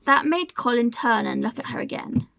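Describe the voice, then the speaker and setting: A woman reading a storybook aloud to listeners in a gentle, measured narration. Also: a little high, expressive, vocal fry, no room sound. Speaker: storybook reader. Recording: dull lo-fi sound.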